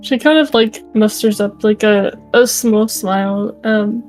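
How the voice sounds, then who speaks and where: A woman's voice: medium pitch, unhurried, a little mellow, faint music behind. A woman player describing her character's actions in a tabletop game, hesitant, with many fillers.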